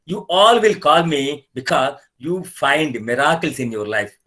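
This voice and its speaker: A man's voice: a little high, lively intonation, a little slow, sharp tone. An older man with an Indian English accent, teaching laughter yoga over a video call in an earnest, repetitive way with demonstrated laughs. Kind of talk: online webinar instruction.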